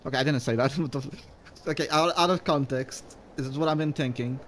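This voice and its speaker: A man's voice: medium pitch, normal speed, a little hiss or hum. A man casually commenting while playing through a game story, rambling and restarting his sentences. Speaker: gaming YouTuber. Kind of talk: casual let's-play commentary.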